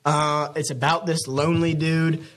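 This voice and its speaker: A man's voice: a little high, little pitch movement, normal speed, a bit bright. A young man in his late teens, a student guest on a podcast, musing in a rambling, mock-preachy way. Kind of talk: casual podcast chat.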